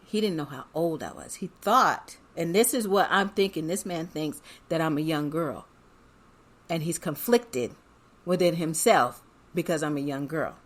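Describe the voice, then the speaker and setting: A woman with a lowish voice tells a story from her own life at a slow, unhurried pace. She talks in a chatty, conversational way and laughs often as she goes. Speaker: podcast host. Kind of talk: personal storytelling.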